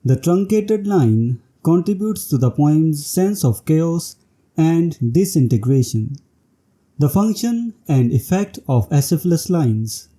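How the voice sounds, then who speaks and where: A man delivers a scripted literature lecture, his voice very dark and mellow yet pitched a touch high for a man. He reads formally and announces each section heading before going on. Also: sing-song, slow pace.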